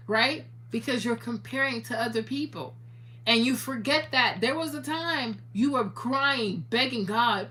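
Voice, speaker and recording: Animated profane woman vlogging. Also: on the high side, normal speed. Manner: animated, profane, preachy, talks straight to viewers. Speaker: YouTuber. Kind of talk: casual monologue to viewers.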